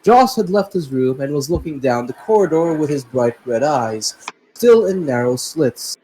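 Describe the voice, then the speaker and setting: Casting: young male host, higher voice, reads a story casually and laughs at his own asides. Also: animated, normal speed, dark tone, poor audio. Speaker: host and narrator. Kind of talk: casual story reading aloud.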